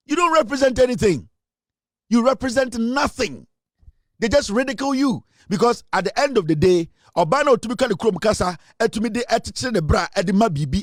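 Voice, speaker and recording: Ghanaian male host, high-pitched, dry close sound, preachy and emphatic. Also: no room sound. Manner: preachy, emphatic, repeats lines for effect. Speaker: show host. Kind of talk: impassioned commentary mixing English and Twi.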